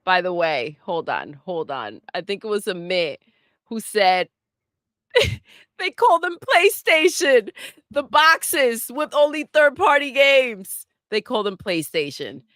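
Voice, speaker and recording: A woman's voice: mid-range voice, big pitch swings, slow, a bit bright, no echo, studio quality. A woman co-hosting a gaming talk show, giggling and reading out viewer messages in casual chat. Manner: giggly, reads out super chats. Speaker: podcast co-host.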